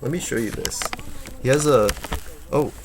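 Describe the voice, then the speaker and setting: A man's voice: medium pitch, normal speed, background noise. A man in his twenties chatting casually on a live stream from home, reading chat aloud and rambling with lots of fillers and restarts. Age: 20s.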